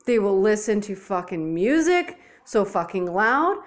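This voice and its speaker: A young female vlogger rants angrily to camera in her apartment, filming on a handheld phone. She's profane, blunt and exasperated, speaking at medium pitch, very animated and a little slow.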